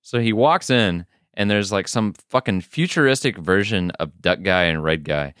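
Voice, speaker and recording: A podcast co-host recaps a show in a rambling, profane way, loaded with fillers. His low voice is expressive, a bit bright, clear and resonant, at a moderate pace. The recording is dry and studio quality.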